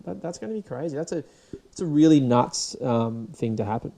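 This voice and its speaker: A young Australian man talks alone into his podcast mic in a loose, rambling rant full of swearing and restarts. His voice is gravelly and dark, and it sounds sore and dried out today. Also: medium pitch, lively intonation, brisk. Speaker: podcast host. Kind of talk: casual solo rant.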